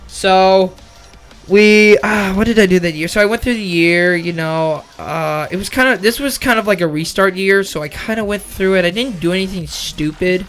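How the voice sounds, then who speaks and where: A man's voice: high voice, moderate pace, a bit bright, soft background music. A young man casually telling a rambling story about his school year, often correcting himself and swearing. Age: young adult. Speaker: vlogger.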